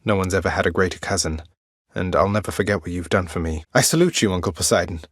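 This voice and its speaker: A man's voice: low voice, lively intonation, fast talker, dry recording. A man voicing a wry, polite young prince of the underworld, in video game voice lines. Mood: earnest. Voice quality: dry, wry and teasing. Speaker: game character.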